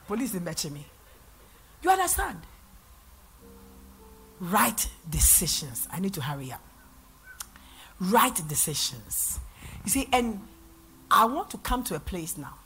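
A middle-aged woman pastor from Ghana with a Ghanaian accent, preaching a sermon in church and swinging between loud and soft. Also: mid-range voice, a little hiss or hum.

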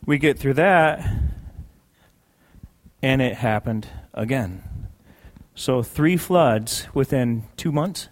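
Speaking slowly at a medium pitch, a man shares his personal testimony as part of a sermon. His storytelling is conversational yet emphatic, and he repeats key phrases to give them weight.

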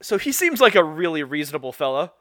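A man's voice: fairly high pitch, very animated, fast, a bit bright, no room sound. Chatty man recapping with a dry close mic. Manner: rambling, self-interrupting, laughs often. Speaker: podcast co-host recapping a show. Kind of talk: casual chat.

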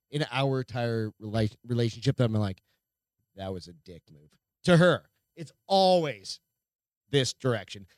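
A man's voice: mid-range voice, no room sound, clean studio sound. A man co-hosting a casual podcast with his wife, self-mocking, swearing and rambling. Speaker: podcast co-host. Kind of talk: casual chat.

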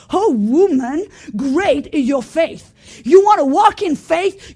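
A woman preaching a sermon, telling the story by acting out the characters' voices and moving from quiet asides to loud exclamations. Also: high-pitched, gravelly.

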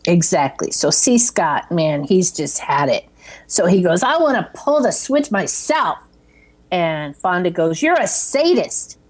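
With a low-ish, sing-song voice and a measured pace, a female podcast co-host casually recaps a movie, walking through its scenes and performing the dialogue herself.

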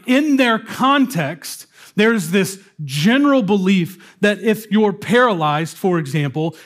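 Man, high voice, casual sermon delivery, slow dramatic pauses. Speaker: pastor.

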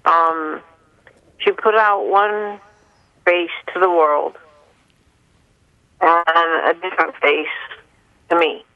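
A woman calling in to a radio show, speaking haltingly with many pauses and fillers. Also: on the low side, steady tone, dry recording. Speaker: caller. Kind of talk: call-in radio confession. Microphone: telephone. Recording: muffled phone line.

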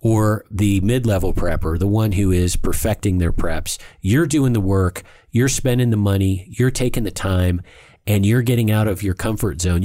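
A man's voice: low voice, mellow, no room sound, clean studio sound. A man co-hosting a podcast in casual talk, earnest and emphatic, often repeating his words. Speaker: podcast co-host.

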